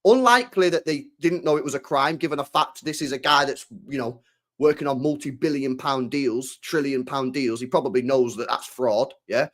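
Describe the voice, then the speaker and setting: A man's voice: mid-range voice, normal speed. A young man, hosting a podcast in a casual, swearing rant full of rhetorical questions. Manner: animated, swears a lot, fires rhetorical questions. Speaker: podcast host.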